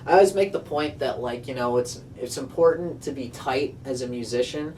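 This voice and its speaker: A man teaching a guitar song in a relaxed, rambling way, with plenty of fillers. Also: medium pitch, normal speed, slight background noise. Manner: laid-back, rambling, many fillers. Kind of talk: casual guitar tutorial. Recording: distant mic with loud guitar.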